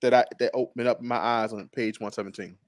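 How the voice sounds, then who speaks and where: A man discussing a book chapter in a casual group talk, animated and laughing, repeating phrases. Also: medium pitch, fast talker, no echo, clean studio sound. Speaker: book club member.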